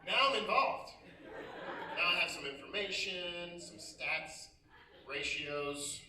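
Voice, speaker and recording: A man's voice: sits high, slow, reverberant, recorded from a distance, noisy background. A man doing a stand-up comedy set, talking wryly and conversationally with the crowd. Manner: conversational, wry, addresses the crowd. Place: comedy club stage.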